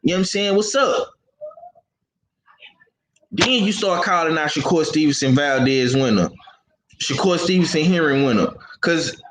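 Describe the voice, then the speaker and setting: A man hosting casual boxing talk, animated and slangy, who repeats himself as he talks. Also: a little high, a little slow, long pauses. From Houston. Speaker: boxing podcast host. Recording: echoey room with faint noise.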